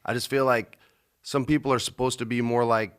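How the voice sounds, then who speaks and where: A man hosting a podcast in casual chat, an animated storyteller who acts out the people in his stories. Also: medium pitch, brisk. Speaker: podcast host.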